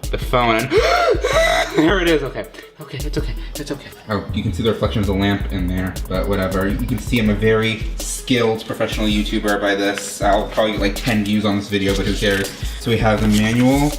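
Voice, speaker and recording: Excitable man gushing in an echoey room. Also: on the low side, fast. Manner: gushing, excitable, self-mocking. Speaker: YouTuber unboxing a phone. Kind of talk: casual unboxing vlog. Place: room at home. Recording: roomy echo with background music.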